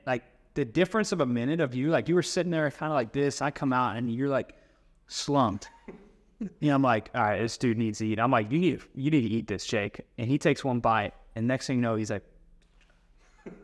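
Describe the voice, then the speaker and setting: Animated man telling a gym story. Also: medium pitch. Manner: animated storyteller, acts out quotes; swears casually. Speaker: personal trainer. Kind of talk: casual interview storytelling.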